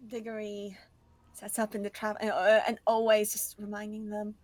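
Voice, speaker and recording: A woman's voice: medium pitch, monotone, normal speed, darkish tone. A woman playing a tabletop game, chatty and voicing her character's lines aloud. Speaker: player.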